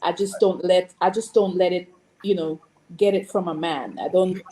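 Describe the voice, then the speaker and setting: A woman guest on a talk show speaking candidly, in a halting way with repeated restarts. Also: on the low side, fairly even intonation, dark tone, low-quality recording.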